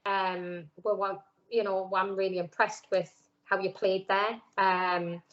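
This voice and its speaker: A middle-aged woman with a broad Geordie accent tells her story in a relaxed interview, slipping into lively quoted voices and filling gaps with "um" and "like". The sound is a little dull and muffled. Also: mid-range voice, slow. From North East England. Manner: chatty, lively quoting of others, many "um"s and "like"s. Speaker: interviewee, former footballer.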